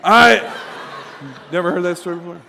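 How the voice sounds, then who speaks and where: A man preaching a sermon, telling stories in an animated way and acting out the voices. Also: high-pitched, moderate pace, vocal fry. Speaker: pastor. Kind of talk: sermon with storytelling. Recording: long hall reverb.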